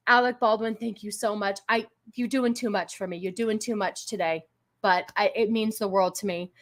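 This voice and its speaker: This woman's mid-range voice keeps fairly even intonation at normal speed as she hosts a casual political commentary stream. She talks back to chat with exasperated argument and thanks her donors.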